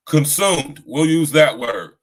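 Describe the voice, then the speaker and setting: A man's voice: a little high, poor audio. Laid-back slangy man hosting a podcast. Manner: loose, laughing, slangy and profane. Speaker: podcast host. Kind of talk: casual live-stream chat.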